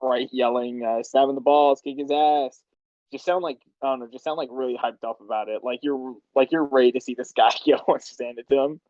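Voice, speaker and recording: A man's voice: medium pitch, brisk, few pauses, a little mellow, dry recording. Rambling man directing over a dull line. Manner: rambling, laughing as he explains scenes. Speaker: machinima director and writer. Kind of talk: casual directing chat.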